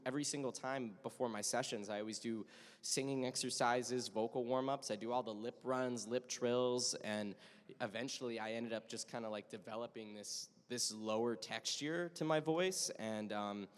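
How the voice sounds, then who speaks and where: A man's voice: mid-range voice, fairly even intonation, normal speed. A young man chatting upbeat on a convention panel, laughing often. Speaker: voice actor panelist. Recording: long hall reverb.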